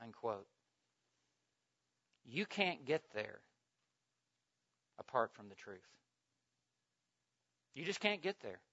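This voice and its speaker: A man preaching an expository sermon with an emphatic, repetitive cadence, swinging from hushed lines to loud ones. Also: medium pitch, big pitch swings, takes it slowly, gravelly, pauses often, husky. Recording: dull lo-fi recording.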